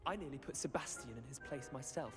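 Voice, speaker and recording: A man's voice: mid-range voice, fast talker, a bit bright, faint music behind, natural voice. A young man voicing a brash, scrappy student in a video game who talks in a cocky, chatty way.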